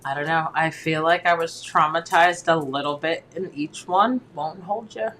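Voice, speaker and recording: A woman's voice: low-pitched, moderate pace, a bit bright, poor audio. A woman co-hosting a casual book club chat with friends, laid-back and slangy, with a valley girl voice and frequent laughter.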